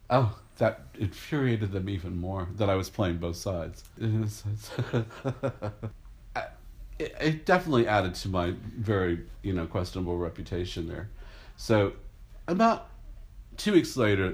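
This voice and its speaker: An older man, an artist, telling an animated anecdote and acting out the crowd's voices with gasps. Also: sits low. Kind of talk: storytelling anecdote.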